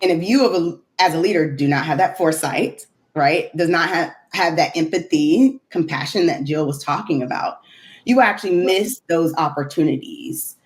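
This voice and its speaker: A middle-aged woman with a notably low voice, chatting as a podcast guest. She speaks earnestly, working through ideas aloud and tagging points with quick check-ins. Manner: earnest, thinks aloud with frequent "right?". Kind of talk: casual conversational chat.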